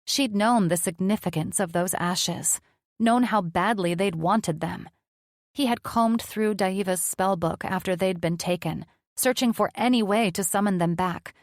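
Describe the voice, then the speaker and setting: A woman narrating a fantasy romance audiobook in a measured, even reading. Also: medium pitch, dry recording, studio quality. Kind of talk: scripted narration.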